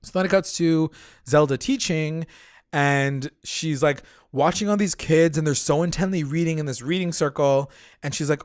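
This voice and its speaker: Fast-rambling young man recapping. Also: on the high side, clean tone, dry recording, clean studio sound. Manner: rambling, heavy filler, swears casually. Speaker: podcast co-host. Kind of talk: casual recap chat. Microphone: podcast mic.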